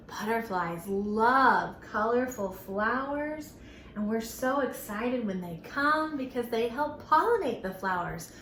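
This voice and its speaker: A young adult woman, a children's librarian, reading aloud and leading a sing-song storytime, gentle and animated, with gasps and playful animal sounds. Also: a little high, slight background noise. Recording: echoey room, faint ambience.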